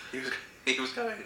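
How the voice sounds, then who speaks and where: A man's voice: mid-range voice, bright, forceful tone, slight background noise. Giggly man telling a story. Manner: giggly, keeps breaking into laughter. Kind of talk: casual comic storytelling. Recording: echoey room.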